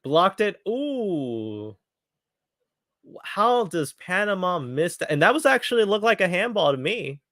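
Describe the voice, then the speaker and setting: A man's voice: sits high, expressive, moderate pace, few pauses, sharp tone, dry recording, clean studio sound. A man hosting a live football watchalong, reacting eagerly and chatting casually, often repeating his phrases. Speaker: watchalong host. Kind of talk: live match commentary watchalong.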